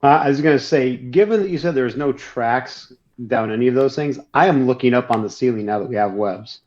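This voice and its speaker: A man playing a tabletop game, thinking aloud in a deliberate, casual way. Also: medium pitch, darkish tone, lo-fi sound. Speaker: player.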